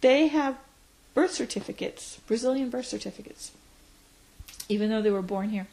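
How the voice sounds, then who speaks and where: A woman in her forties, reflecting on her life in an interview, pausing often with fillers. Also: a little high, vocal fry, heavy background noise. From United States. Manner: reflective, hesitant with frequent fillers. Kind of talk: oral history interview.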